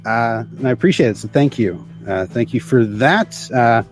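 Male host, mid-pitched, loose jokey rambling, lots of ums, live-stream chat. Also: animated, faint music behind. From Canada. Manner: rambling, jokey, halting with many fillers. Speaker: livestream podcast host.

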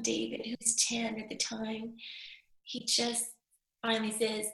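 A woman's voice: a little high, monotone, slow pace, vocal fry, a bit bright. A middle-aged woman, a talk show guest, telling an emotional personal story candidly and animatedly, her voice breaking into tears at times. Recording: roomy echo.

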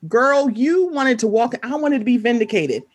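A woman talking casually on a podcast, her voice a touch husky and fairly high. She tells her stories with big swings in pitch, slipping into other people's voices as she quotes them. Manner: animated, fast storytelling, quoting people in voices. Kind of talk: casual chat.

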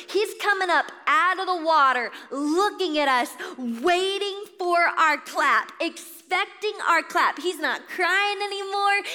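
Bright high-voiced woman preaching in a hall. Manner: exhorting, warmly addresses listeners as friends. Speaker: inspirational speaker at a faith event. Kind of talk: impassioned inspirational sermon. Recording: long reverb of a large hall.

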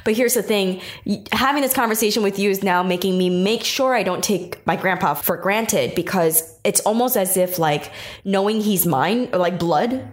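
A young adult woman hosting a podcast, chatty, emotional and animated as she talks. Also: mid-range voice, moderate pace. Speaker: podcast host. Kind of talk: podcast interview.

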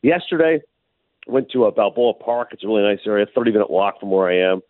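A man co-hosting a casual radio chat, telling stories in a lively way, calling in from away. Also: fairly low pitch, fast talker, dry recording. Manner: animated storyteller. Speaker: co-host. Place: remote, away from studio. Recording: tinny phone line, dry.

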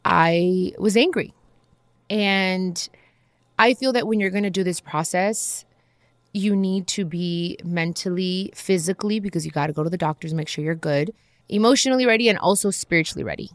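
A podcast host with a low-sitting voice and moderate pace tells a personal story candidly and casually. She speaks straight to her listeners and acts out the people she quotes, with no echo.

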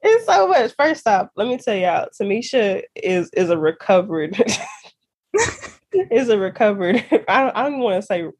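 A woman in her thirties hosting a faith podcast, talking in an animated, casual way and laughing often. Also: medium pitch, a little slow, breathy edge. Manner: animated, laughs often, uses y'all and girl. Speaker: podcast host. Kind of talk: casual chat.

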